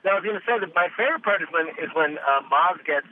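A man hosting a radio quiz show, chatting casually and animatedly about a trip. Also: quick pace. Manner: lively and animated, jumping up in pitch. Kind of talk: casual radio interview chat. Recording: tinny phone line with faint noise.

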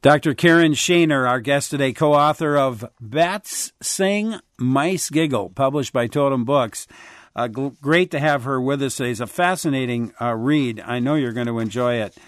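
A man's voice: medium pitch, normal speed, dry recording. A man hosting a call-in radio talk show from a studio, speaking casually with plenty of fillers.

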